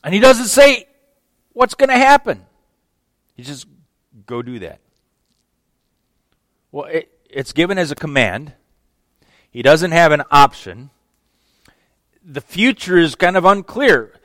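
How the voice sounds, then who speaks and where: Animated man preaching a sermon. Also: takes it slowly, pauses often, no room sound. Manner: animated, acts out quoted voices with big pitch swings.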